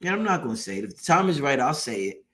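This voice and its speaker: Fast and very animated, this mid-range, slightly bright voice belongs to a man giving a motivational talk on his late-night online show. He's emphatic and preachy, restating his points and cursing casually along the way.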